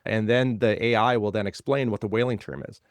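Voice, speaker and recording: A man's voice: fairly low pitch, steady tone, a little fast, dry recording. A man being interviewed as a legal tech guest, explaining ideas in a conversational way and building points by repeating phrases.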